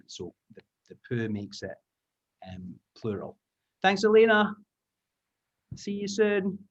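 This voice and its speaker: Upbeat male trainer on a muffled call. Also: mid-range voice. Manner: upbeat, encouraging, explains step by step. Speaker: English teaching trainer. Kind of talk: online taster class. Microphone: video call. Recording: muffled video-call audio.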